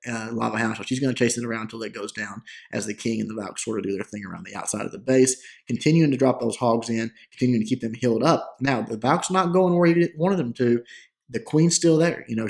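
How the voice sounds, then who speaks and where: A young man hosting a gaming channel, giving relaxed, chatty commentary over gameplay with lots of "uh" and restarts. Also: mid-range voice, gravelly.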